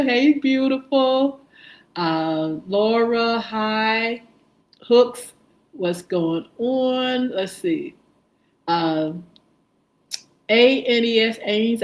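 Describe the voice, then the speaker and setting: A woman hosting a live-streamed morning show, chatting casually, greeting viewers by name and spelling some out, with many filler "uh"s and friendly upbeat hellos. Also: medium pitch.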